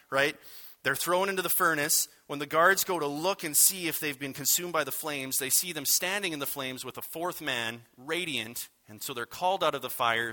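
Male pastor, bright tone, relaxed wry sermon delivery. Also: a little high. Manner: conversational, wry preaching with asides.

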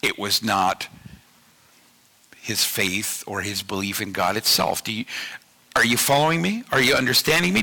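A man's voice: lowish voice, moderate pace, creaky, pauses often, bright, forceful tone. A man in his fifties preaching a sermon in a conversational way, often repeating himself and checking in with his listeners. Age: 50s. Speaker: pastor.

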